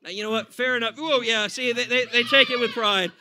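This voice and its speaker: American guy doing standup, high bright voice, loud and animated, laughs a lot. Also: brisk. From United States. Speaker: standup comedian. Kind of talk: standup comedy set. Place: comedy club with live audience.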